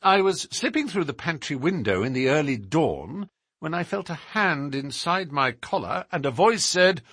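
A man reading as a shrewd, lively detective. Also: on the high side, slightly rough, no room sound, clean studio sound, heavily acted. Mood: recounting. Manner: measured, precise, lively emphasis. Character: shrewd male detective recounting a case. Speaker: audiobook reader. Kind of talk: dramatized first-person story reading.

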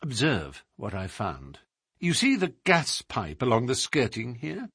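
A man reading as a shrewd, lively detective. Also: mid-range voice, slightly rough, no room sound, studio quality, exaggerated voice. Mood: explaining. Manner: measured, precise, lively emphasis. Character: shrewd male detective recounting a case. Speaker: audiobook reader. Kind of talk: dramatized first-person story reading.

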